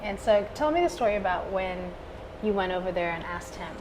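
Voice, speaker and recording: A woman's voice: medium pitch, lively intonation, a little fast, a little mellow, slight background noise, low-quality recording. A woman co-hosting a podcast, chatting casually and often breaking in with short affirmations. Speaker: podcast co-host. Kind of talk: casual conversation.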